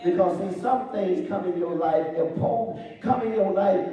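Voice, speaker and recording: A man's voice: high voice, measured pace, dark tone. A man preaching a sermon, drawing the congregation in with rhetorical questions. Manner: rhetorical, asks the congregation "huh?". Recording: echoey church from far off.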